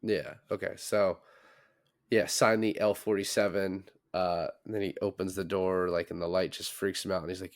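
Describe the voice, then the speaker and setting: A man co-hosting a podcast, casually recapping a film in a relaxed, rambling way. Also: sits low, normal speed, no echo, clean studio sound. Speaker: podcast co-host. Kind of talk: casual chat.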